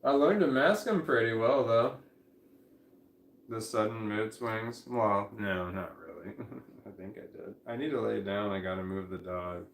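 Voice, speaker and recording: A tired, high man rambling casually in a vlog, talking drowsily with a slight slur while lying down at home. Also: unhurried, roomy sound, slight background noise. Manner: drowsy, rambling, laughs to himself. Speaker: vlogger.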